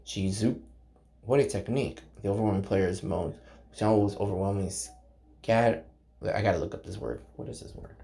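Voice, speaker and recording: A man with a lowish, gravelly voice reads a story aloud in a loose, unpolished way. He trips over names, restarts sentences and keeps turning to his viewers to chat between passages. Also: dark tone. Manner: halting, stumbles over names, chats to viewers. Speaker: channel host reading a game novel aloud. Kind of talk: casual read-aloud with commentary.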